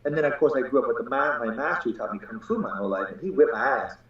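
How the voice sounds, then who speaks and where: A man's voice: mid-range voice, lively intonation, very fast, a bit bright. Blunt, profane man in an echoey room. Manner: blunt and profane, acts out quoted voices. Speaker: Taoist teacher. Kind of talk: casual podcast conversation. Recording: very echoey, dull-sounding room recording.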